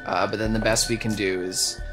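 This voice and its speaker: A man's voice: lowish voice, flat delivery, a little fast, close to an everyday voice. Guy doing a nervous young camp counselor, rambles, lots of ums, game music behind. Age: young adult. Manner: rambling, hesitant, full of fillers. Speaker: video game character.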